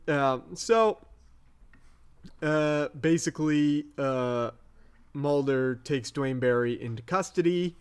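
A man's voice: medium pitch, clean tone. A young man co-hosting a podcast, recapping an episode in a rambling, unsure way with many fillers. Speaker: podcast co-host.

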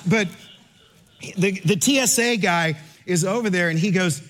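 A middle-aged pastor delivering a sermon in a fairly high voice. He moves from a brisk, animated anecdote full of mimicked voices to slow, weighty reading of scripture. His tone stays conversational and direct with the congregation. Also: a little hiss or hum. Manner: animated storyteller, acts out other voices, then slows for scripture. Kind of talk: sermon with storytelling.

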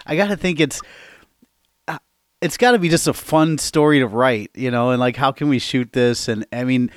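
A man hosting a casual interview, talking in halting bursts full of restarts and repeated words. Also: medium pitch, clear, resonant tone, no echo. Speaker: podcast host.

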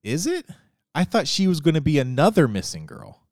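A man co-hosting a casual podcast about a TV show, animated and jokey, sometimes slipping into silly voices. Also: a little high, brisk, no room sound, studio quality. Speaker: podcast co-host. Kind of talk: casual TV discussion.

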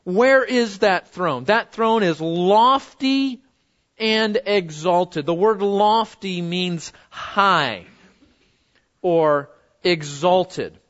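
A man teaching a Bible lesson in a conversational way, often repeating words and slowing down to stress key phrases. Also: sits high, animated, a bit bright, highs cut off.

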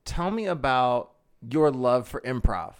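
A man with an ordinary mid-range voice hosts a relaxed interview chat. He coaches improv, sounds easygoing and encouraging, and laughs easily. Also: mid-range voice, measured pace, smooth. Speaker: podcast host and improv teacher.

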